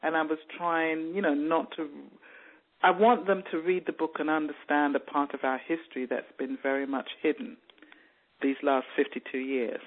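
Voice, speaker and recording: A woman's voice: sits low, normal speed. A woman raised in England, an author telling her story in a radio interview and acting out the voices she heard. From born in Jamaica, raised in England. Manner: animated storytelling, mimics voices she overheard. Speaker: author guest. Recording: narrow phone-like radio sound.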